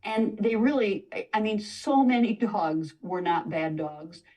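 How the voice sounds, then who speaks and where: A woman's voice: medium pitch, steady tone, a little slow, recorded from a distance, lo-fi sound. A woman dog trainer, a guest in a conversational interview, explaining at length and now and then acting out what a dog might say. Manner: explanatory, acts out dog voices in quotes.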